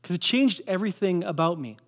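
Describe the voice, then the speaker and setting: A man's voice: high-pitched, lively intonation, fairly quick. A young man from Canada giving a casual, earnest personal testimony in a sermon, telling his story with fillers.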